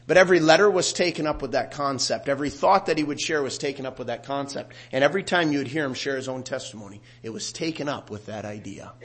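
A middle-aged man preaching a sermon, growing loud and animated when he quotes scripture. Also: medium pitch, fast, hardly any pauses. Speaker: pastor.

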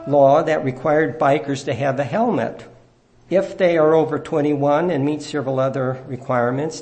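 Gravelly-voiced man preaching. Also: fairly high pitch, a little mellow. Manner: measured, earnest teaching delivery. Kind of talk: sermon.

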